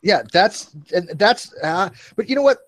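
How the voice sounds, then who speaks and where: A man's voice: high voice, lively intonation, normal speed, no room sound. A man in his forties hosting a casual panel chat, rambling and joking at his own expense. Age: 40s. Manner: rambling, joking, self-mocking. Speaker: host.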